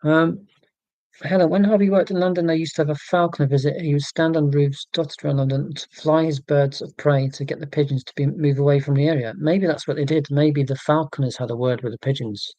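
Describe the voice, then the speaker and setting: A man's voice: a little high, fairly even intonation, brisk, dark tone, no room sound. A man hosting a casual livestream, rambling from home while reading out viewer comments in a chatty, self-deprecating way. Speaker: livestream host.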